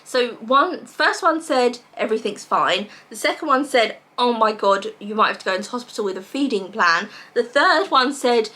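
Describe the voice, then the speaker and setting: A young woman from England with a British accent, telling a personal story to camera in a lively way and acting out what others said. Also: on the high side, normal speed, hardly any pauses. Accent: British English. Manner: animated, quotes others in dialogue. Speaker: vlogger.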